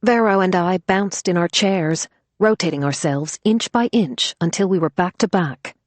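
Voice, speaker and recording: A woman narrating an audiobook in an even, measured voice, close to the mic. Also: lowish voice, dry recording. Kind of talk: scripted narration. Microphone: close studio mic.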